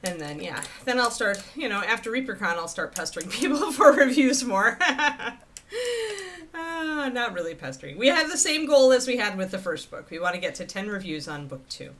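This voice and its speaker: A woman hosts a casual livestream and chats freely with her viewers, wandering from topic to topic. Her voice is bright and clear. Her pitch moves a lot, so she sounds lively. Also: moderate pace. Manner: chatty, rambling, talks to the chat and her dog. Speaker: host of a miniature painting livestream.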